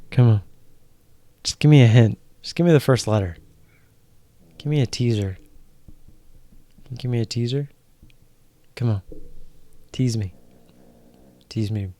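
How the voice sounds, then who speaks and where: A man's voice: mid-range voice, unhurried, long pauses, warm tone. A young man, drunk, hosting a late-night live stream and teasing his chat viewers in a rambling way.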